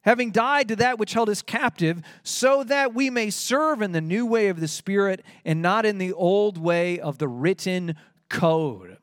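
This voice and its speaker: High-voiced man preaching in a dry room. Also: unhurried, no echo. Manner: emphatic preaching, rising on quoted scripture. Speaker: pastor. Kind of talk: sermon.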